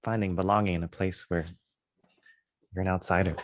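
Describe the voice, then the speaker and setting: A man's voice: low voice, flat delivery, a little fast, dry recording. A man hosting an online storytelling event and introducing the next teller. He is friendly, stumbles over names and laughs it off, over a video call. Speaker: event host. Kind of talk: introducing a speaker.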